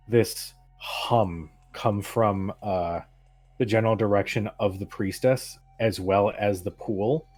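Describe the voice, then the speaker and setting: Male game master, lowish voice, relaxed halting narration. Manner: relaxed, hesitant with fillers.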